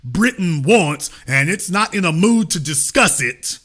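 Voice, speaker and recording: A man's voice: high voice, expressive, unhurried, a bit bright. A middle-aged man hosting a political commentary show, talking in an emphatic, sarcastic preaching cadence.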